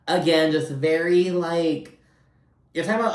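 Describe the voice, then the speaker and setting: A man's voice: on the high side, measured pace, recorded from a distance. A man giving a casual, blunt recap of a reality TV show, full of swearing and fillers like "like" and "you know". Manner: blunt, profane, filler-heavy chatter. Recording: roomy, from off-mic.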